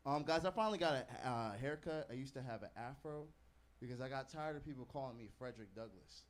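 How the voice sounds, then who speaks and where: A man's voice: medium pitch, fast talker, a little hiss or hum. A man doing a stand-up comedy set, joking profanely about himself and talking straight to the crowd. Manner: profane, self-mocking banter with the crowd. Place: comedy club stage.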